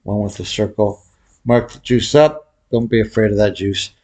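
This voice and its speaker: A man's voice: lowish voice, moderate pace, darkish tone. A middle-aged man giving a casual tutorial, rambling and joking at his own expense, with a slight whistle from a cracked tooth. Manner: rambling, jokey, laughs at himself. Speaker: baccarat instructor.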